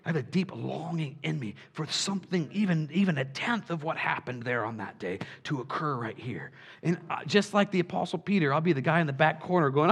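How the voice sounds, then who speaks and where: A man preaching a sermon, animated, swinging from quiet asides to shouts and acting out quoted voices. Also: on the high side, fairly quick, vocal fry, few pauses, slightly rough. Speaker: pastor.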